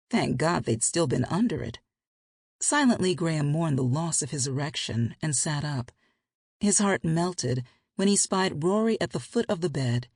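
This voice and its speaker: A woman narrates a romance audiobook in a steady, intimate way. Her voice has a gravelly fry and a breathy, husky grain. The recording is close and dry. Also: deep voice, dry recording.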